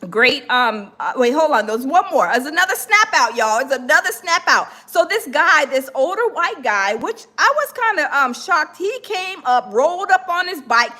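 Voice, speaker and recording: Chatty and rambling, a gossip YouTuber hosts a relaxed livestream, filling time with fillers and hold-ons as she searches for clips. Her high, sing-song voice is pushed and bright, moving at normal speed with few pauses.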